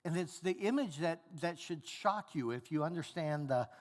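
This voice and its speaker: A man's voice: on the high side, lively intonation, moderate pace. A male pastor preaching a sermon, teaching animatedly and acting out the characters' lines. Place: church hall. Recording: long hall reverb.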